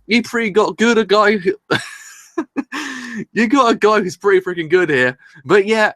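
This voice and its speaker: A man doing a live reaction review from his room, rambling excitedly and swearing casually, with a sore throat. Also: high voice, measured pace, no room sound. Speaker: anime reviewer.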